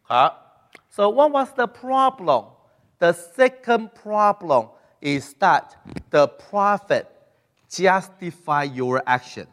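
High-voiced man preaching in a reverberant hall. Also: slow. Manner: animated, acts out quoted voices, non-native grammar. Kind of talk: sermon.

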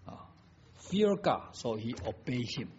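A man's voice: medium pitch, sing-song, measured pace, a little mellow, a little hiss or hum. A man preaching a sermon, emphatic and full of rhetorical questions, in slightly non-native phrasing. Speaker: pastor. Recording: dull lo-fi recording.

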